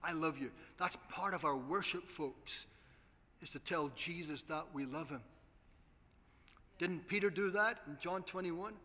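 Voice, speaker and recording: A man's voice: on the high side, measured pace, sharp tone. A man preaching a sermon, earnestly appealing to his congregation. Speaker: pastor. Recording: long hall reverb.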